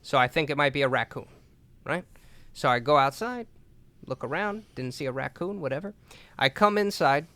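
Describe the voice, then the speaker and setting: A young man co-hosting a podcast, telling a story in a lively, casual way with lots of swearing and filler words. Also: fairly high pitch, normal speed. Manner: animated, swears a lot, says "like" and "dude". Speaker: podcast co-host.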